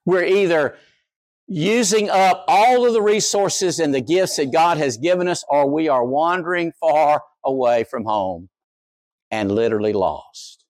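A man preaching a sermon as pastor, animated, swinging from soft asides to raised exclamations. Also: fairly high pitch, no room sound.

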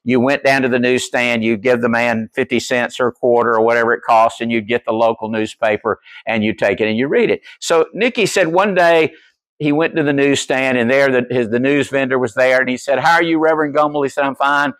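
A man preaching a sermon as pastor, telling stories in an animated way and putting questions to his congregation. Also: mid-range voice, brisk, no room sound. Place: church.

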